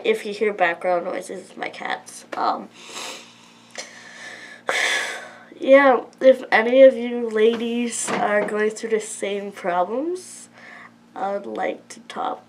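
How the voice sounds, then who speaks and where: A woman's voice: a little high, a little hiss or hum, rough recording. A woman of twenty, emotional and close to tears, talking hesitantly and apologetically at home in a personal confessional vlog. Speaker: vlogger.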